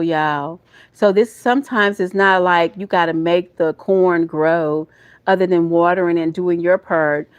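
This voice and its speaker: A woman's voice: fairly low pitch, darkish tone, muffled recording. A woman with a Southern US accent doing a live tarot reading. She talks to her viewers in a folksy, emotional way and calls them y'all and baby. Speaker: tarot reader.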